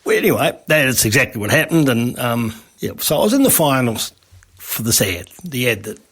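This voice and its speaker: A radio advertising creator with an Australian accent rambles through a casual anecdote about making a radio ad, full of restarts and asides. He's a man with a mid-range voice, lively intonation and normal speed, a bit bright and slightly rough.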